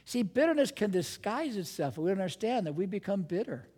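A man preaching a sermon as a pastor, animated and dramatic, asking rhetorical questions and acting out his listeners' voices. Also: sits high, brisk, breathy edge, long reverb tail.

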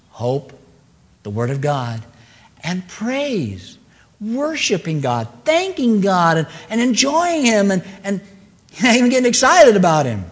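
Male pastor, earnest preacher, slightly high voice, long church-hall reverb. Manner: earnest preaching with emphatic repeated phrases. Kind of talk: sermon.

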